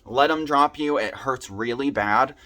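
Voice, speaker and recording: At a measured pace, a young man with a sharp, medium-pitched voice shares his recovery story with viewers. The talk to camera is sincere and personal, full of advice from his own life.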